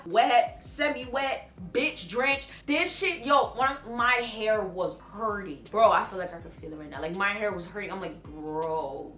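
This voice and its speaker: A woman with tells a storytime rant in a bright, forceful voice. She talks in an animated, profane and indignant way. The room around her is echoey. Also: on the high side. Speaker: vlogger.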